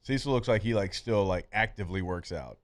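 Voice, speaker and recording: Self-mocking sports host, man. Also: fairly low pitch. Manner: self-deprecating, quick to laugh. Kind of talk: casual sports talk. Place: radio studio.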